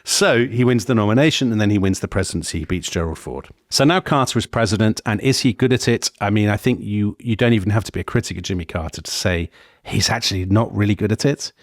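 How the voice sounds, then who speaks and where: A man co-hosting a history podcast, telling the story in a lively, digressive way with frequent self-corrections. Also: fairly low pitch, fast, dry recording, studio quality. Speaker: podcast co-host.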